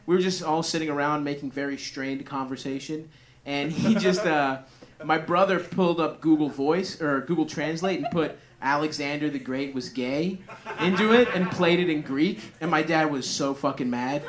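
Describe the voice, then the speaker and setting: A man's voice: on the high side, moderate pace. A man co-hosting a live comedy podcast, rambling in profane, laughing riffs. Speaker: comedian co-host. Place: live show stage. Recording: live show with crowd noise. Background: audience laughter.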